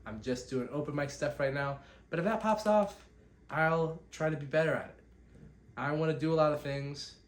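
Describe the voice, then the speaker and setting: A young man hosting a solo podcast, rambling and self-deprecating as he catches viewers up, recorded on a phone. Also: mid-range voice. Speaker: podcast host. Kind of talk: solo catch-up vlog talk. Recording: echoey room, faint background hiss.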